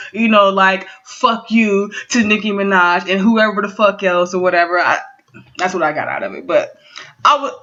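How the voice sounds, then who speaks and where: A woman in her thirties ranting casually and profanely to her viewers as she recaps an awards show. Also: on the high side. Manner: profane, excitable, talking straight to viewers. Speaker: vlogger. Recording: dull lo-fi home recording.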